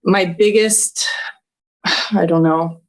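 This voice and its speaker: A woman's voice: lowish voice, fairly even intonation, extremely slow. A woman in her thirties, a podcast guest, telling an emotional personal story with earnest, heartfelt feeling, often close to tears and laughing through it.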